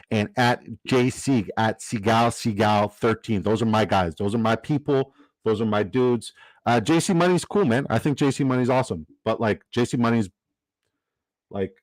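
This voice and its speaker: Low-voiced man rambling through a draft stream. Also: no echo, rough recording. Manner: rambling, filler-heavy, reads chat aloud. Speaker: fantasy football streamer. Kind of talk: casual live-stream chat.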